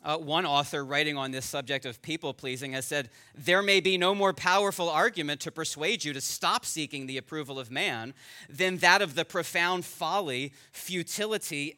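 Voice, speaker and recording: A man's voice: on the high side, pushed and bright. A man preaching a sermon as pastor, earnest and rising to emphatic peaks, at times addressing the children directly.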